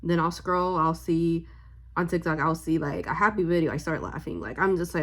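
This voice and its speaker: Young woman vlogger, slightly low voice, rambling storytime chat full of fillers. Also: moderate pace. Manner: rambling, heavy on fillers, loses her train of thought; emotional and upbeat, smiling while talking. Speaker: vlogger and spiritual reader.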